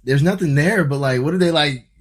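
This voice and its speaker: A man from Ohio telling a story as a podcast guest, casual and animated, swearing freely and acting out his own reactions. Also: a little high, a little fast, breathy edge. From Ohio, USA.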